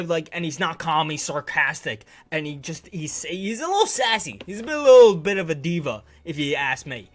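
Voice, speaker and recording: A man's voice: a little high, a bit bright. A man casually reviewing a TV series on his channel, enthusiastic and rambling, with lots of restarts and slang.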